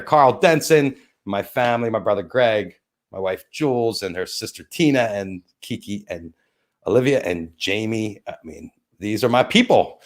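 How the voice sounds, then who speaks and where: A middle-aged man talks loosely into a desk mic, hosting his own live stream. He rambles and thanks viewers one by one. His pitch sits in an ordinary middle range. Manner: rambling, thanks viewers by name and plugs sponsors. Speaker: host of a live-stream show. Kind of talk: casual live-stream chat.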